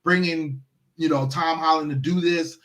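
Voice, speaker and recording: A man's voice: on the high side, fairly even intonation, normal speed, a bit bright. A man co-hosting a casual movie recap, agreeable and laughing often, repeating his points. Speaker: podcast co-host.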